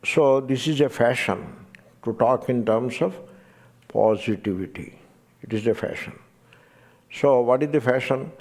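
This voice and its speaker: A man's voice: medium pitch, unhurried, long pauses, darkish tone. An older man with an Indian English accent, giving a satsang talk. He tells a story with emphasis and chuckles often as he goes. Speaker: swami teaching Vedanta.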